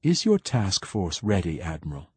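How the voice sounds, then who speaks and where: A man voicing a grave, commanding woman head of government in an audiobook, speaking in quiet, terse questions. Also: sits low, huge pitch swings, moderate pace, husky, heavily acted.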